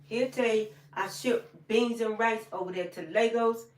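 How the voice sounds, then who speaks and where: A woman's voice: a little high, fairly even intonation, measured pace, recorded from a distance. An older woman hosting a livestream, telling her personal story in a heartfelt, plain-spoken, repetitive way. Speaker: livestream host. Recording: echoey room, voice away from the mic.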